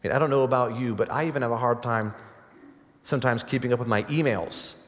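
A man preaching a sermon as a pastor, earnest, rising to emphatic peaks and dropping to soft asides. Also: mid-range voice, quick pace, long reverb tail.

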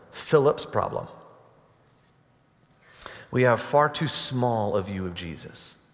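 A man preaching a sermon to a congregation, earnest and emphatic, building to forceful climaxes. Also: fairly low pitch, lively intonation, slow, long pauses. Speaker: pastor. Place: church sanctuary. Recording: long hall reverb.

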